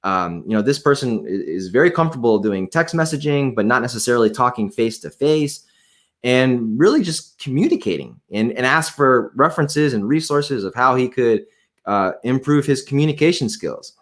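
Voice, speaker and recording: A man hosting an interview show, talking in an excited, enthusiastic way. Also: mid-range voice, moderate pace. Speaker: podcast host.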